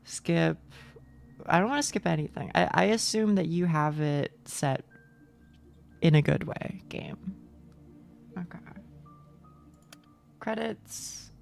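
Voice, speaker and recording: A young woman live-streams a game in a low, gravelly voice. She talks to her chat in a loose, excited ramble, swearing freely. Faint game music plays behind her. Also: takes it slowly, long pauses.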